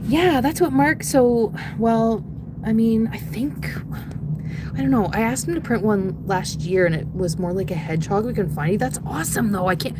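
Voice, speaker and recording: A woman vlogger chatting casually and excitably, cooing in baby talk to her pets, with a sore back. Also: on the high side, moderate pace, background noise. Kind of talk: casual chat.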